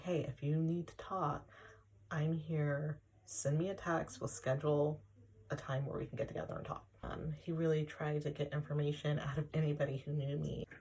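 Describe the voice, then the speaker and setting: A woman's voice: deep voice, a little mellow, a little hiss or hum. A woman vlogger telling a personal story in a candid, confiding way, often sinking to a near whisper.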